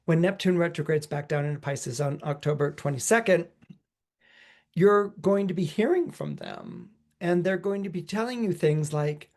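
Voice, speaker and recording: A middle-aged astrologer with a voice on the high side gives a podcast forecast at a moderate pace. His style is loose and chatty, packed with "you know," and he's a lively storyteller who acts out the voices he quotes.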